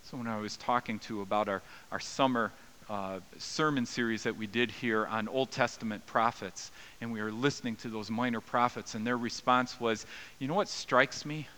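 A man preaching a sermon as a pastor, earnest and dynamic, rising to raised cries and dropping to soft, slow passages. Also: mid-range voice, slight background noise, low-quality recording.

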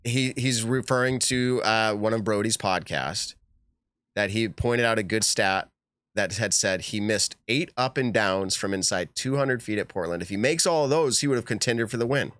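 Casual podcast host, male, lower pitch, emphatic delivery, dry booth sound. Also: normal speed, no echo. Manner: laughs often, animated and emphatic. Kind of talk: casual chat.

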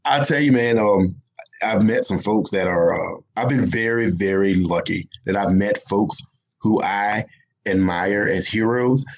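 A man's voice: lowish voice, slightly rough, poor audio. A man with a Southern US accent, a guest writer telling a rambling story on a casual interview, laughing often and restarting his sentences.

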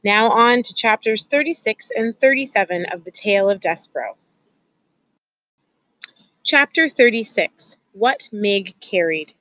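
Woman, teacher, expressive read-aloud, speaks to the listener, dry close recording. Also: medium pitch, unhurried, no echo, low-quality recording. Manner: warm, confiding, addresses the listener directly. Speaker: teacher reading aloud to students.

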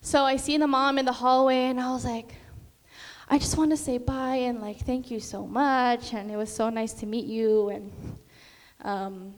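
A woman's voice: fairly high pitch, fairly even intonation, moderate pace. Young woman telling a faith story in a hall. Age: young adult. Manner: chatty, many fillers, sings and acts out quotes. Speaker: speaker sharing a testimony. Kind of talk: casual testimony talk. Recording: long hall reverb.

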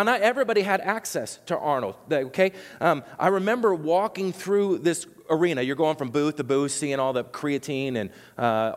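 A man preaching a sermon to his congregation, animated and conversational, acting out what people said, with many restarts. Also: on the high side, long reverb tail. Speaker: pastor.

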